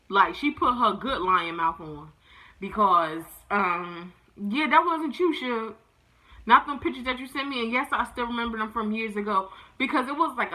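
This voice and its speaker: A young adult woman tells her viewers a casual storytime rant. Her voice is bright and forward, and she sounds exasperated and animated. She keeps turning to her audience as she talks. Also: on the high side, rough recording. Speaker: vlogger.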